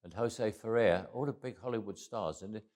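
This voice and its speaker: Older Cockney man telling stories, low voice. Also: normal speed. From England. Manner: chuckles often, restarts phrases, drops quiet. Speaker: interviewee. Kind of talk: reflective interview storytelling.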